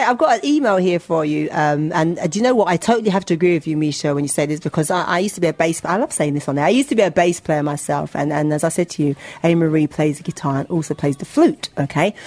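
An English woman hosts a casual radio chat, playful and teasing, laughing easily between remarks. Her voice sits a bit low for a woman. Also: a little mellow, no room sound. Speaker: radio host.

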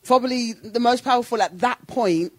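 High-pitched male interviewer, affirming, dry close sound. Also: moderate pace, dry recording. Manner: affirming, short prompts.

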